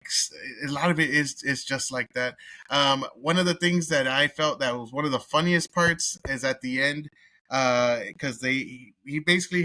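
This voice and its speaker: Give me a man from Texas ranting bluntly about a movie, swearing often in a bright, dry voice. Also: medium pitch, no echo. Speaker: movie reviewer host. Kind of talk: casual profane review rant.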